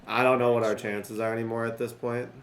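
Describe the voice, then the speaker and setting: A man's voice: mid-range voice, level tone, fairly quick. A young man giving casual gameplay commentary, rambling and frustrated as he talks straight to his viewers. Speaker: gaming YouTuber.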